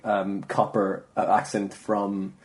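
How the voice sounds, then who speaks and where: A man's voice: lowish voice, completely flat delivery, takes it slowly. A man hosting a podcast, chatting casually and agreeing with his guest. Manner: agreeable, short backchannels. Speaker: podcast host.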